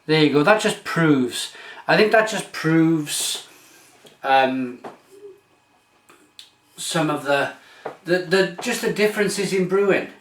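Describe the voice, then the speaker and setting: A British man hosts a casual review vlog, his voice sitting fairly high. He talks eagerly but loosely, doubling back and repeating himself. The sound is roomy and echoey, with the mic set some way off. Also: animated, slow pace, long pauses, a bit bright. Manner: enthusiastic, rambling, with frequent restarts and repeats. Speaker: beer reviewer, channel host. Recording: echoey room, mic at a distance.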